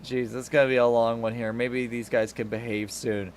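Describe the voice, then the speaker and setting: A man doing casual race commentary, swearing freely and getting loud for the action. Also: mid-range voice, a little fast, a crowd in the background. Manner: loose, swearing, rising to excited calls. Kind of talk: casual sim-racing commentary. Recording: noisy background.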